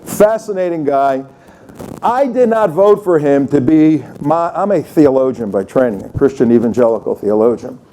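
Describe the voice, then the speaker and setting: Mellow-voiced older man giving a conference talk. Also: a little high, slight background noise. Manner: conversational, tells anecdotes with voiced quotes. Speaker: conference speaker. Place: conference room.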